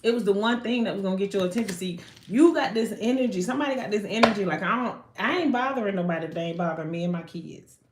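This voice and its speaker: A woman giving a live tarot reading in an animated, slangy way, swearing and often breaking off mid-sentence. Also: mid-range voice, fast, hardly any pauses, reverberant, noisy background. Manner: animated, slangy, swears, frequent self-interruptions. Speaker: tarot card reader.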